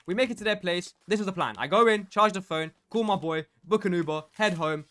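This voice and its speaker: A man's voice: sits high, fairly quick, bright, forceful tone. A young man from England casually telling a rambling story while he plays a game, full of fillers and restarts. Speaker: gaming streamer telling a story.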